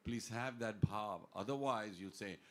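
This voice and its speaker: A man's voice: lowish voice, a little slow. A man giving an earnest, informal devotional talk in a temple class, telling stories and quoting Sanskrit verses. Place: temple hall.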